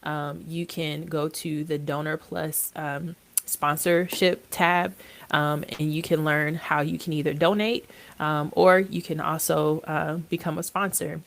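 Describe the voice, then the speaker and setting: A woman's voice: low-pitched, little pitch movement, a little slow, gravelly. A woman hosting a therapy podcast, congested from allergies, talking casually with frequent ums and uhs. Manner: hesitant, many ums and uhs.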